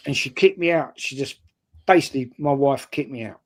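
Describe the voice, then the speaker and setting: A man's voice: mid-range voice, a little fast. Older London man telling a story. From North London. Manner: anecdotal, repeats "right?" often. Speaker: fan channel panelist. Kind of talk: casual storytelling.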